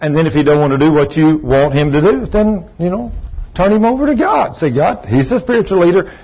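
Man in his sixties, pastor, husky voice, folksy storytelling sermon, dull lo-fi recording. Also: fairly high pitch, brisk.

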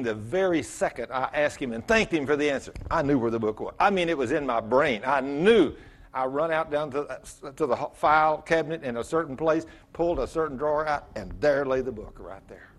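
A middle-aged man preaching a sermon as pastor, telling stories with self-mocking humor and rising to loud emphatic bursts. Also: on the high side.

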